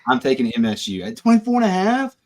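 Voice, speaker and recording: A man on a podcast panel bantering about sports bets, jumping into quick back-and-forth and often repeating himself. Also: high-pitched, big pitch swings, creaky, darkish tone. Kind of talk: casual sports betting chat.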